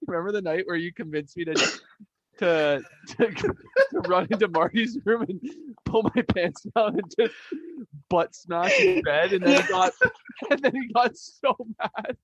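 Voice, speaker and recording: A man's voice: sits high, unhurried, dull audio. A young man telling stories in a casual chat, breaking into giggles often. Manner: giggly, animated storyteller.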